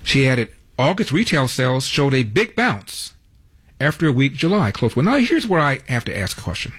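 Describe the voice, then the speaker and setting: A man's voice: mid-range voice, very animated, normal speed, fairly bright tone, husky. Wry talk radio host, a man. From Los Angeles. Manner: wry, sardonic commentary.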